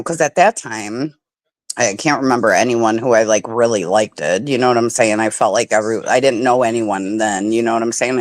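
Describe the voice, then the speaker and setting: A woman chatting casually on a livestream, animated and swearing freely as she tells stories. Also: very deep voice, no room sound. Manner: animated, swearing, talks with mouth full. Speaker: livestream guest. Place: home.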